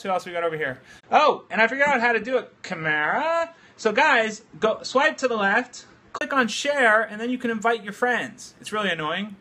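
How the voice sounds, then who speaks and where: Excitable man hosting a beer-fueled livestream. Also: high-pitched. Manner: excitable, loose and swearing, drinking beer while talking. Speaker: livestream host. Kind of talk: casual livestream chat. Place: home studio. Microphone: phone livestream app.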